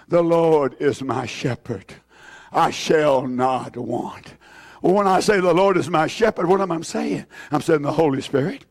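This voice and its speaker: Preacher, older man, high-pitched, hallelujah-shouting, shifts between loud and hushed. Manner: fiery, swings from shouts to hushed low lines; exclaims hallelujah often. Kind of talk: sermon.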